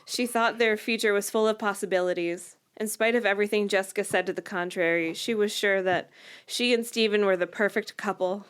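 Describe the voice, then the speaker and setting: A woman's voice: medium pitch, fairly even intonation, fairly quick, smooth. A woman co-hosting a comedy podcast, reading a teen novel aloud with amused exasperation. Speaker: podcast co-host. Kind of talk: comic book-reading podcast.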